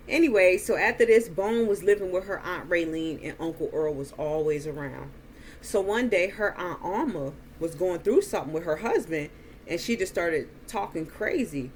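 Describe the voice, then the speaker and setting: A woman slowly retelling a movie's plot in a chatty way, acting out the characters' lines. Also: on the low side, a little hiss or hum. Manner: slow, chatty retelling with quoted dialogue. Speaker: movie reviewer. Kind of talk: casual movie recap.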